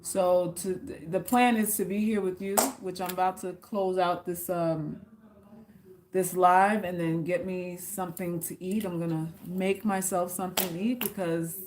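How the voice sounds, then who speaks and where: A woman's voice: on the low side, background noise. A woman hosting a casual live stream, reading viewer comments aloud and answering them in a blunt, teasing, slangy way, with some profanity. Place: South Florida.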